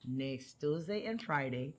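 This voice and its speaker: A woman's voice: low voice, lively intonation, unhurried. A woman co-hosting a casual cooking video, reacting to the food with playful, gushing remarks. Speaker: co-host. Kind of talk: casual food tasting chat.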